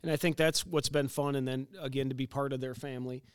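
A man's voice: medium pitch, fairly even intonation, quick pace, clean tone, dry recording. A man, a company co-founder, talking earnestly in a casual interview.

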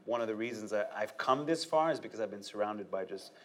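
A man, a stand-up comedian, talking casually in an interview, animated and often breaking into laughter with quick asides. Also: on the low side, slight background noise.

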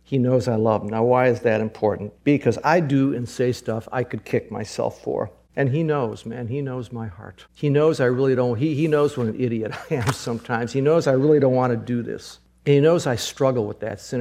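A middle-aged man preaching a sermon, emphatic, repeating phrases and rising to high excited peaks. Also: brisk, gravelly, few pauses. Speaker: pastor.

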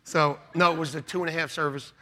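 Speaking fast in a voice on the high side, a middle-aged man preaches as a pastor. His sermon features lively storytelling, laughter, and quotes he shouts out.

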